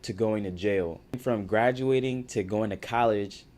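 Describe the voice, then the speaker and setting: A man's voice: on the low side, unhurried, a little mellow. Young man telling a slangy story. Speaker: vlogger. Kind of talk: casual storytime.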